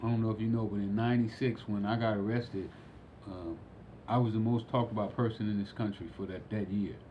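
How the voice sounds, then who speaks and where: Low-voiced man, slow and reflective. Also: steady tone, highs cut off, a little hiss or hum. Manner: unhurried, with many fillers and restarts. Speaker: podcast guest. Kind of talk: casual conversation.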